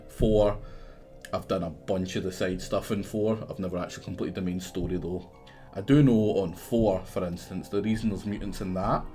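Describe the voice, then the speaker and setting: A man's voice: on the low side, a little mellow. A Scottish man streaming a game live, rambling casually, swearing freely and talking back at the game. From Scotland. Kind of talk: casual live gameplay commentary.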